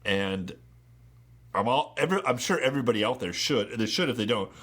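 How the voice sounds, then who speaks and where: A man's voice: fairly low pitch, expressive, brisk, a bit bright. A man co-hosting a casual gaming podcast, rambling and laughing often, and swearing freely as he talks. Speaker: podcast co-host.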